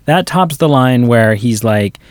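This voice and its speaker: A man's voice: medium pitch, expressive, a little slow, no room sound. A man co-hosting a podcast, chatting casually about a film and retelling scenes with quoted lines. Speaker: podcast co-host. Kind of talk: casual movie review chat.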